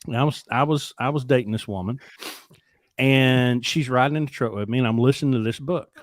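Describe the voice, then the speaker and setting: A man in his forties with a mid-range voice co-hosts a trucking company podcast, telling stories briskly in a candid, self-deprecating, reflective way and swearing now and then. The conversational recording is clean studio sound with no echo.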